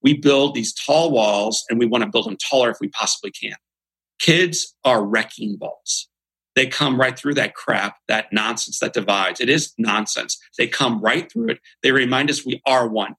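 Earnest man with a bright, husky voice. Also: mid-range voice, moderate pace, poor audio. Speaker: podcast guest, author. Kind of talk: motivational interview talk.

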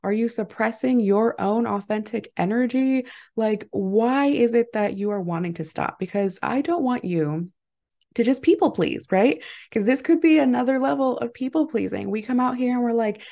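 Vocal fry colors this woman's slightly mellow, higher voice as she talks at a moderate pace on her podcast. As host and mindset mentor, she gives an upbeat, encouraging motivational monologue, leaning heavily on "like" and "right?" and laughing readily.

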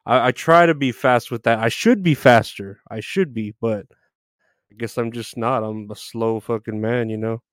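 A man's voice: medium pitch, normal speed, no echo. A man hosting a live stream, greeting viewers by name in loose, profane chat with frequent laughs.

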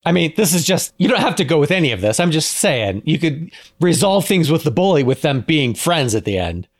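Lively, joking man co-host. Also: fairly high pitch, brisk. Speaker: podcast co-host. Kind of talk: casual chat.

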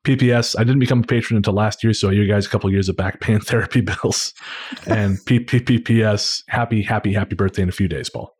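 A man with a low-pitched voice reads listener mail on a podcast. His tone is husky and a little breathy. He talks in a relaxed, unhurried way and stumbles through his phrases with plenty of fillers. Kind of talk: casual chat.

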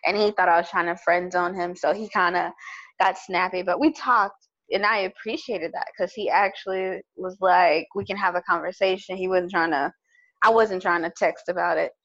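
A woman's voice: fairly low pitch, normal speed, highs cut off. Chatty woman telling a dating story. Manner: animated storytelling, quoting others. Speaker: podcast co-host. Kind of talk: casual chat.

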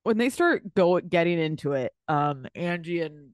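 A woman co-hosting a casual podcast chat about reality TV, animated and swearing, acting out quotes. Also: fairly low pitch, moderate pace, no room sound, studio quality. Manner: animated, swearing, acts out quotes of cast members. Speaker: podcast co-host.

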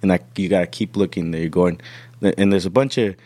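A man's voice: sits low, steady tone, fairly quick, warm tone, dry recording. A man casually telling a long story on a podcast, swearing freely and acting out the people in it. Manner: profane, rambling storytelling with quoted voices. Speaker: podcast host.

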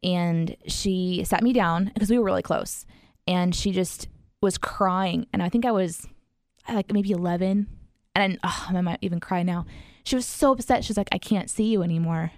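A woman's voice: lowish voice, moderate pace, no room sound, studio quality. A woman telling a personal story in casual conversation, rambling with many fillers and frequent laughs. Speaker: guest sharing her story.

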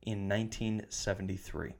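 A man's voice: on the low side, fairly even intonation, normal speed, gravelly. Podcast co-host, male, casual chat, steers the talk and reads off numbers. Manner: leads the segments, reads out stats.

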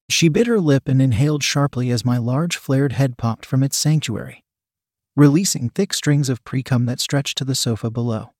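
Man, first-person story narration, steady unhurried reading, mid-pitched, dry close mic. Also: no echo. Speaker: reader of an erotic story.

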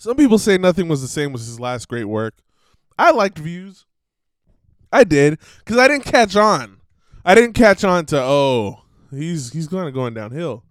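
A man's voice: fairly high pitch, big pitch swings, unhurried, dry recording. A man hosting a show, giving rambling casual commentary and laughing between thoughts. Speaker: podcast host.

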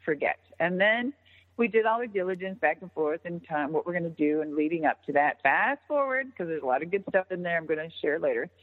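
A woman telling a story in casual chat, animated and profane, often jumping into an excited high voice. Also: a little fast. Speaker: podcast guest. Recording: tinny phone-line sound with long reverb.

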